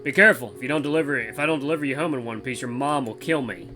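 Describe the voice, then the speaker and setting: A man's voice: mid-range voice, rapid-fire, pushed and bright, close to an everyday voice. A man voicing a responsible, stern teenage schoolboy who talks in a firm, protective way. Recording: faint guitar music behind.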